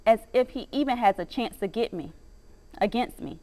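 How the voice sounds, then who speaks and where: Woman narrator, fairly high voice, dramatic first-person audiobook reading. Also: animated, normal speed, mellow.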